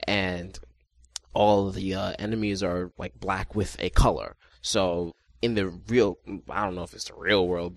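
A man in casual podcast chat about video games, relaxed and rambling, self-deprecating and casually swearing. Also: low voice, no room sound.

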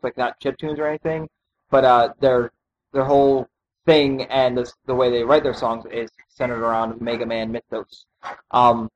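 A man's voice: medium pitch, lo-fi sound, slight background noise. A man co-hosting a casual live show, rambling and swearing casually as he recounts things. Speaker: podcast co-host. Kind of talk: casual chat.

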